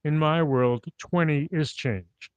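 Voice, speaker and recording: A man doing an impression of a famous entertainer, speaking in a smooth, laid-back manner. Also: fairly high pitch, takes it slowly, no echo. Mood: cool. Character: famous cool entertainer, suave older man. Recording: dull dry lo-fi recording.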